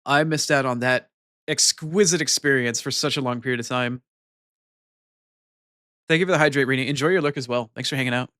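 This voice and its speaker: A male streamer chatting with his viewers at a medium pitch, lively and quick to swear. His voice is recorded close and dry, with no room sound around it. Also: no echo. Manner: excitable, swears freely, chats straight to viewers. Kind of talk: casual chat with stream viewers.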